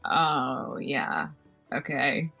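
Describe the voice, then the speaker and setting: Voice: mid-range voice, big pitch swings, extremely slow, gravelly, pushed and bright, faint music behind, low-quality recording. A player in a live tabletop game, chatty and giggly, acting out the character's actions. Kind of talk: casual tabletop play.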